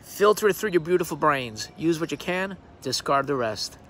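A man's voice: a little high, animated, moderate pace, a bit bright, a little hiss or hum. A man recording a casual, rambling video greeting outdoors on his deck, hesitating with ums and uhs. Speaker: actor recording a personal video message.

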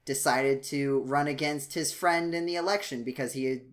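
A man co-hosting a casual podcast, rambling with many restarts and fillers, his voice jumping up when he gets excited. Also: normal speed. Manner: animated, jumps up in pitch when excited. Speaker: podcast co-host.

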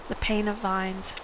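Against a noisy background, a mid-range female voice chats casually during gameplay. The speaker is a Midwestern woman in her forties from Iowa who hosts gaming videos, rambling along with half-whispered asides.

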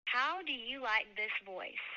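A cheerful Australian woman reads a short scripted phone greeting. Her voice is very bright. The call sounds muffled and narrow. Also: fairly high pitch, measured pace, dry recording. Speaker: AI phone agent demo voice.

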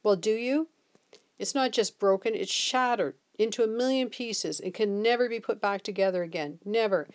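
A drunk, bitter homeless man speaks in slurred, clipped bursts, voiced by a woman reading aloud. His voice sits at an ordinary middle pitch and stays curt and hard. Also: normal speed, close to an everyday voice.

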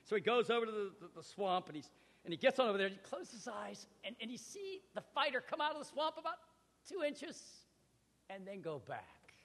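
A male pastor preaching a sermon with animated storytelling, acting out scenes, in a church hall. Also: sits high, fairly quick. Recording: echoey hall reverb.

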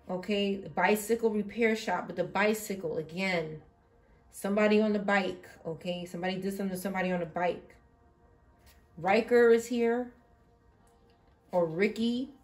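Woman tarot reader, halting, repeats herself, faint music behind. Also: medium pitch, darkish tone. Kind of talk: intuitive tarot reading.

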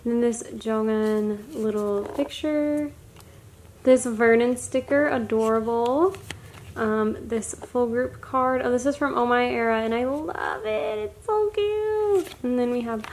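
A young woman chatting casually while unboxing a haul, gushing and excitable, often gasping and laughing. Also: high-pitched, a little hiss or hum. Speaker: vlogger.

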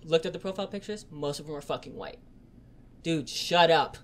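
A young man hosting a casual podcast chat, swearing constantly and ranting, getting louder and higher as he heats up. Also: fairly quick. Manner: swears constantly, rants and gets loud and high when heated. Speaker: podcast host.

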